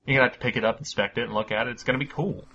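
A man hosting a podcast, chatting casually and running through news, energetic and quick to swear. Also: medium pitch, dull audio, a little hiss or hum. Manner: energetic, swears freely, laughs often. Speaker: podcast host. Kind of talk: casual chat and news rundown.

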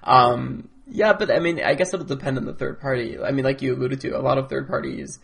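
A man co-hosting a podcast, relaxed and wry in casual chat. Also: mid-range voice, brisk, gravelly. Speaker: podcast co-host.

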